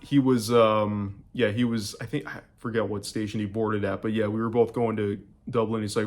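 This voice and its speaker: Young man from the US, lowish voice, casual travel recap, loose and rambling. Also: little pitch movement, normal speed, darkish tone. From United States. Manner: rambling, loose, with many fillers and restarts. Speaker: travel vlogger.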